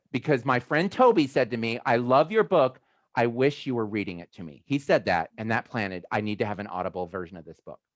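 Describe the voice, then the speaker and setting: A man from the United States hosting a video call, talking casually in a rambling way with animated asides. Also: mid-range voice, no room sound, studio quality. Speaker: host of a motivational video call. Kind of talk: casual chatty talk.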